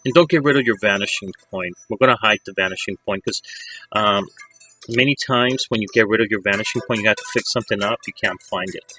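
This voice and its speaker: A man's voice: on the low side, sharp tone, poor audio. A man teaching a drawing lesson, walking students through each step in a chatty way. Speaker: art teacher.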